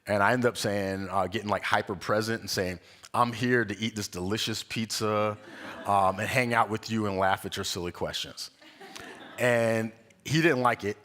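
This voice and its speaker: Animated man giving a conversational sermon. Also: lowish voice, moderate pace. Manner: animated storyteller, acts out quoted voices, laughs often. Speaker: guest speaker at a spiritual center. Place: church sanctuary.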